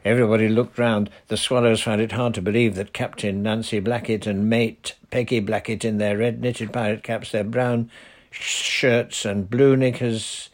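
A man reading a children's novel aloud as narrator, lively and expressive. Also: on the low side, moderate pace.

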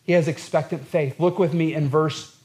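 A pastor delivers his sermon in a fairly high voice. He is earnest and repeats phrases to build his point. He acts out the words of the people in the text. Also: fairly even intonation, normal speed, a little mellow. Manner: earnest, repetitive preaching with acted-out quotes.

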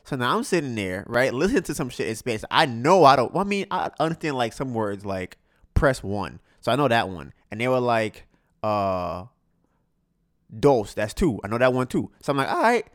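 A man's voice: medium pitch, animated, normal speed, fairly bright tone, no room sound, clean studio sound. A young man hosting a podcast, telling a slangy, exasperated story and acting out both sides of a phone call. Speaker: podcast host. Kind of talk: casual storytelling chat.

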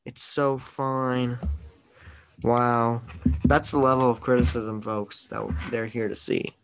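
A man's voice: mid-range voice, flat delivery, unhurried, a little hiss or hum. A man hosting a casual movie-review podcast over an online call, opinionated and teasing, with mock exasperation. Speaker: podcast host.

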